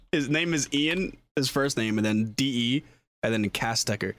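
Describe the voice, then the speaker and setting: Young male co-host, casual podcast banter, excitable and rambling, average pitch, stumbles through his points with lots of fillers. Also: unhurried. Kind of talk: casual chat.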